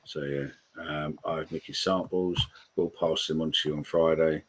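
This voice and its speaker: A man's voice: rumbling low, fairly even intonation, moderate pace, a little hiss or hum. A man, hosting a live call-in podcast, swearing freely as he reads out comments. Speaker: podcast host.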